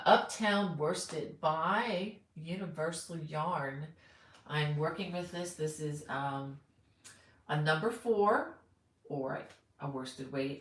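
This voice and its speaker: A woman's voice: fairly low pitch, a bit bright, reverberant, rough recording. Chatty middle-aged woman hosting a live stream. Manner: chatty, friendly, greets viewers by name. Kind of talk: casual live-stream chat.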